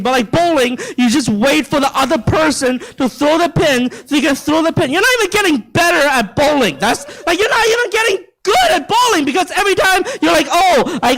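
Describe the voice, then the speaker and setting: A young male comedian from China, performing stand-up live on a theater stage. He rants with plenty of profanity, tripping and repeating words as he goes. His speaking voice sits very high for a man. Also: a bit bright, low-quality recording. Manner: stammering, profane ranting.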